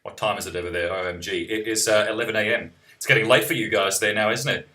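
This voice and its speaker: Low-voiced man chatting on a live stream. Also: steady tone, quick pace, bright, forceful tone. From New Zealand. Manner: rambling, self-interrupting, wry. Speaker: musician streaming live and reading chat. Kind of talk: casual live-stream chat.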